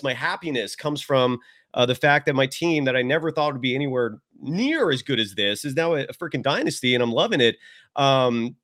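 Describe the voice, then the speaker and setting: A man's voice: a little high, a bit bright. A man guesting on a sports podcast, talking casually and enthusiastically with many restarts. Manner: rambling, restarts often, enthusiastic.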